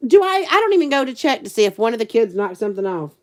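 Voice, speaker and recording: A woman's voice: on the high side, sing-song, fast talker. A woman chatting casually to a live stream audience, giggly and rambling. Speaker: livestream host and teacher.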